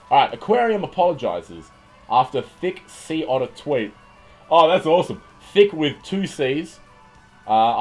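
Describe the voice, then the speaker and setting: A young man hosts a relaxed livestream, reading chat messages and riffing on them. He is irreverent and jokey, swears freely and stumbles over repeated words. His voice sits in a medium pitch, with faint music playing underneath. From Australia.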